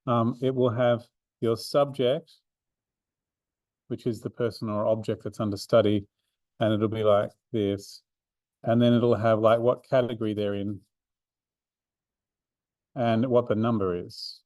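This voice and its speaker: A man's voice: fairly low pitch, steady tone, unhurried, pauses often, darkish tone, no room sound. A man, a maths learning centre coordinator, explains a revision seminar step by step with fillers and restarts. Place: room, drawing notes for an overhead camera.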